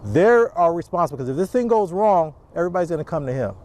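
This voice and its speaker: A man's voice: on the high side, big pitch swings, quick pace, a little mellow. A middle-aged man hosting a casual vlog, talking to camera outdoors in a rambling way with lots of restarts. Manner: rambling, restarts, acts out quotes. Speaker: channel host, youth sports business owner.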